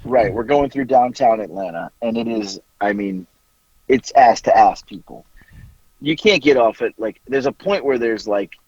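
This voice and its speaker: Husky, lively-voiced man in his forties. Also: medium pitch, moderate pace, no echo, muffled recording. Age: 40s. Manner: rambling, profane, laughing through the story. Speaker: podcast co-host. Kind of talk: casual storytelling.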